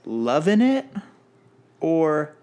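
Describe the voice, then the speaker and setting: A man's voice: on the high side, very animated, extremely slow, darkish tone, smooth. Playful punning male podcast host. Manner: playful, punning, runs a quiz game. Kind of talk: casual chat.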